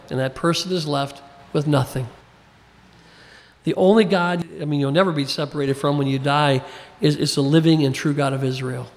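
A man's voice: a little high, creaky, long reverb tail. A man preaching a sermon in a folksy way, chuckling often as he reads scripture aloud and acts out the quotes. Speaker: pastor.

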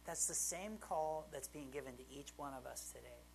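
A man's voice: medium pitch, normal speed, gravelly, a little hiss or hum, low-quality recording. A man preaching a sermon in an informal, conversational way, often checking in with his listeners. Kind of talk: conversational Bible teaching.

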